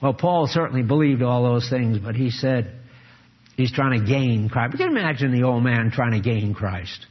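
An older man preaching a sermon, earnest and emphatic, dropping low and grave, then rising to exhort. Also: lively intonation, moderate pace, slightly rough, lo-fi sound.

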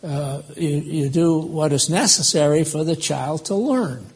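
A man's voice: a little high, slightly rough. A man, likely older, preaching a sermon to his congregation in a plainspoken, conversational way. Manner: slow, plainspoken, addresses congregation directly. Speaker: pastor. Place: church.

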